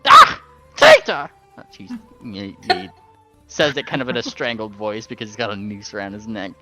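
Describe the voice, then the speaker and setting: A man's voice: fairly low pitch, brisk, fairly bright tone, soft background music. A man narrating as game master for a tabletop game, hesitant with many fillers.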